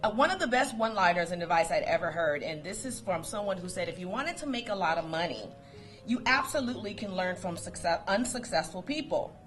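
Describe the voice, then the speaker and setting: A woman giving a motivational talk to coworkers, lively and storytelling, quoting sayings and laughing often. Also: lowish voice, fairly quick, faint music behind. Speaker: motivational speaker.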